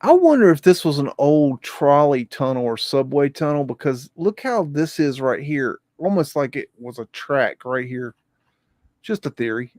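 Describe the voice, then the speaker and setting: A man hosting a livestream, talking in an excitable, profane, rambling way. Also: medium pitch, normal speed, no echo, clean studio sound. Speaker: livestream host. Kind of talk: casual livestream commentary.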